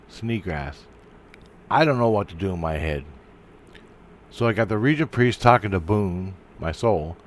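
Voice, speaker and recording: A man's voice: on the low side, a little hiss or hum. A man telling a personal spiritual story in a casual monologue, swearing and stopping to restart his sentences. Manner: profane, halting, restarts often. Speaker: vlogger.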